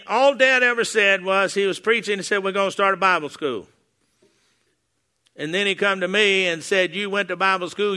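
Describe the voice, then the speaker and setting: An older man preaching to his congregation in a folksy, storytelling way, stumbling and restarting as he goes. His voice is very bright and somewhat high for a man. He wears a clip-on mic in a church hall. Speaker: pastor. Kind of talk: sermon. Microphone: wearing a lapel mic.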